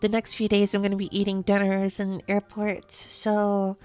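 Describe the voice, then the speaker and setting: Woman streamer just chatting, giggly and rambly, keeps restarting sentences, mid-pitch voice, soft music behind. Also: completely flat delivery, moderate pace, smooth. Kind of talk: casual live-stream chat.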